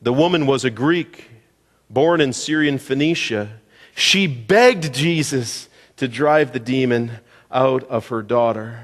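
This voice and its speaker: A man's voice: medium pitch, slow. A male pastor preaching a sermon in a conversational way, asking the congregation questions as he goes. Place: church sanctuary. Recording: church hall reverb.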